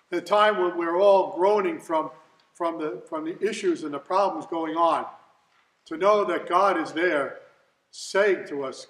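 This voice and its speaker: A man, a deacon, giving a slow, deliberate sermon with touches of light humor. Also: a little high, a bit bright. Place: church. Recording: echoey church from far off.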